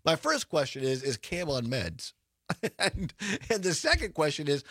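Lively, chatty radio host man. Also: on the high side, a little slow, no echo, clean studio sound. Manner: chatty, laughs often, jokey asides. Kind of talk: casual call-in radio chat. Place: radio studio. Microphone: studio microphone.

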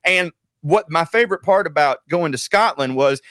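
Male comic guest, bright and slightly high, dry close sound, rambling storyteller. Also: moderate pace, dry recording. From Southern United States. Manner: rambling, animated storytelling with many restarts. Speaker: comedian and author, guest. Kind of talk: radio interview.

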